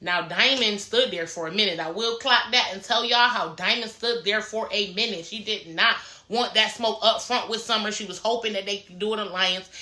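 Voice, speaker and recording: A woman speaks with a bright, forceful voice. She recaps a reality show in a loose, profane, animated way, slipping into the cast members' voices. The sound is roomy, with echo off the walls. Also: medium pitch. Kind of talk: casual recap commentary.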